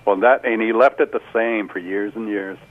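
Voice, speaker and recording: Brief: man phoning into a radio show, relaxed, slightly low voice, thin telephone sound. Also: normal speed. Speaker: caller. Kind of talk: casual call-in chat. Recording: phone line.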